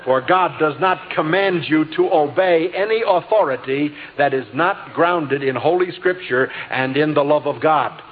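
A male preacher delivering a sermon, emphatic and slowing down to stress key words. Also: a little high, in a large hall. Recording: tinny lo-fi tape with faint hiss.

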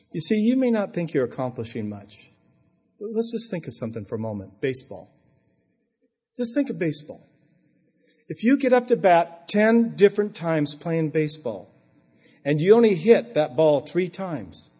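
A middle-aged man preaching a sermon, telling stories and swinging from quiet asides to loud, high emphasis. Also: breathy edge. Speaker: pastor. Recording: long hall reverb.

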